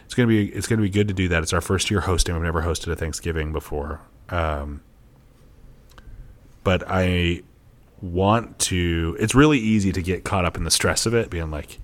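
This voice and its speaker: A young man co-hosts a podcast, chatting casually and rambling as he tells stories, laughing often. He has a low voice and speaks at a moderate pace.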